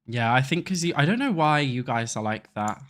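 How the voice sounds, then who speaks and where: A young English man, a gaming YouTuber, chats casually while playing a building game, thinking out loud as he builds. He rambles, swears freely and talks loosely with his viewers. His mid-range voice is a bit bright, with lively intonation at a normal speed.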